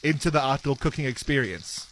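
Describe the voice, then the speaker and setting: A man hosting a radio breakfast show, running a quiz with energetic, playful banter. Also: mid-range voice, fairly quick, slight background noise. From South Africa.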